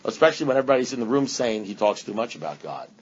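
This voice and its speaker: A man's voice: medium pitch, sing-song, rapid-fire. A man speaking at a recovery meeting, rambling and blunt, with punchy repetition and sarcastic asides. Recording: dull lo-fi meeting recording.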